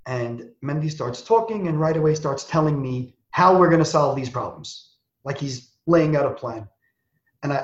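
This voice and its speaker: A man telling a personal story as an interview guest, acting out the dialogue in quick, animated bursts. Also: medium pitch. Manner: acts out quoted dialogue, talks in quick bursts. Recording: echoey, dull lo-fi sound.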